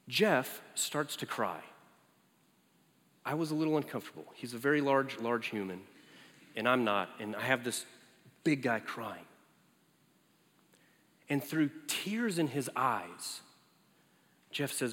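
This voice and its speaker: A man preaching as a campus minister, telling a story in an animated way and leaping high in pitch for quoted lines. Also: unhurried, long pauses. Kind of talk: storytelling sermon. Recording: echoey hall.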